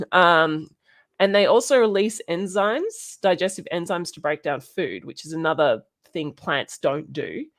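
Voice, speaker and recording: A woman hosting a casual educational chat, halting often with ums and restarts and laughing now and then. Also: on the low side, animated. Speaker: podcast host.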